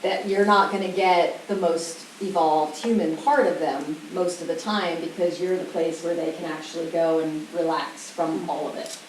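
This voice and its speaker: Animated woman lecturing from far off. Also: lowish voice, moderate pace. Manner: animated, acts out children's voices. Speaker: parenting educator. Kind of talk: public talk to parents. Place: school event room. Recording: roomy hall sound from far off, faint hiss.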